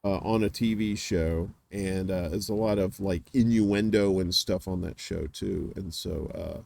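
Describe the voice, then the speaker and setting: A man hosting a casual live-stream chat, telling rambling stories full of filler words and dropping into quick voice impressions. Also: deep voice, steady tone, creaky, darkish tone. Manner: does quick voice impressions of others. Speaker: host.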